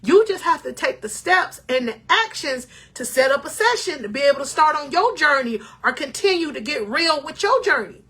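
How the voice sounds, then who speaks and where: Bright high-voiced woman life coach. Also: big pitch swings, normal speed, few pauses. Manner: emotional, preachy, addresses viewers as king or queen. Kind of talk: motivational talk to camera.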